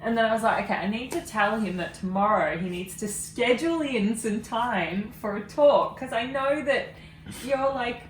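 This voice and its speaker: Woman, 30s, giggly and animated, pitched a bit high, echoey room with faint hiss. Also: normal speed. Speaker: vlogger, co-host with partner. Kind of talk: casual couple chat.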